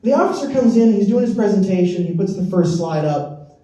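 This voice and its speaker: On a comedy club stage, a young man rambles through a self-deprecating stand-up routine in a high, mellow voice that is animated and a little fast. The sound is lo-fi, roomy and distant, and the audience laughs in the background.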